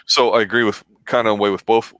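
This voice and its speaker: A man with a deep, low voice talks through a show on a casual review podcast. He is measured and analytical, and the recording is dry and close. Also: level tone, a bit bright, no echo. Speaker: podcast co-host.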